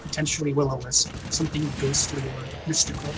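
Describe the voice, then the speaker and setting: A man's voice: fairly high pitch, little pitch movement, fairly quick, background noise. A man streaming a game, chatting casually and explaining updates in an informative way. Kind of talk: casual gameplay chat.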